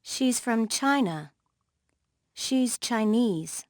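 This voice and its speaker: A woman reads textbook vocabulary and questions with clear, deliberate pronunciation. She speaks slowly with a lively melody. The sound is dry and close. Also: on the high side, dry recording. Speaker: vocabulary reader and interviewer. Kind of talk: scripted textbook dialogue.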